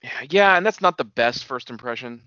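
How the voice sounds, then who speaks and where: A man's voice: medium pitch, expressive, a little fast, sharp tone, smooth, dry recording, dull audio. A man co-hosting a casual podcast, dryly recapping a film's plot and swearing now and then. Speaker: podcast co-host. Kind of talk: casual movie chat.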